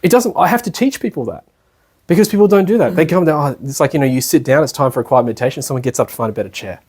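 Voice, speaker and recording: An Australian man lecturing in a relaxed, colloquial way, his voice a little husky and pitched slightly high for a man. He keeps checking in with the room and slips into short impressions of people. It sounds like a talk in a retreat lecture room. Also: racing. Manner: chatty and colloquial, often checks in with listeners, acts out people he describes. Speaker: spiritual lecturer. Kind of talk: casual spoken lecture.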